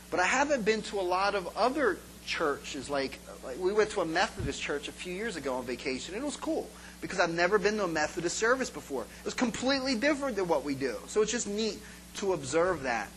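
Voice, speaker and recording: A man's voice: high-pitched, slight background noise, rough recording. A man giving an informal sermon as a pastor, telling stories and acting out scenes for his congregation. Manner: animated storytelling, acts out scenes.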